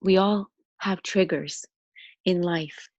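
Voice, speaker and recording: A woman sharing a personal story on a video call, speaking haltingly with many pauses and fillers, moved and emotional. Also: on the low side, darkish tone, dry recording, muffled recording. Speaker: webclass participant.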